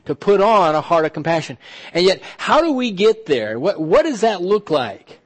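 A man with a high voice delivers a church sermon, swinging from animated exclamations to quiet, earnest hushes. He often repeats words as he builds each point. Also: moderate pace. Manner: animated preaching, repeats words, drops to soft intensity. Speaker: pastor.

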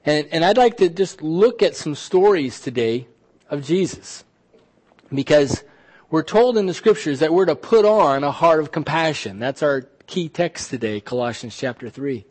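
A man preaching a sermon as pastor, animated, often repeating words and dropping to a soft, intense hush. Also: fairly high pitch.

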